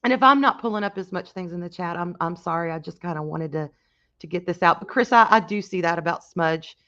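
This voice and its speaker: A woman hosting a casual livestream, talking in a halting, emotional way with many restarts and reading out chat comments. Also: fairly low pitch, sharp tone, highs cut off. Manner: reads and answers chat comments. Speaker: livestream host.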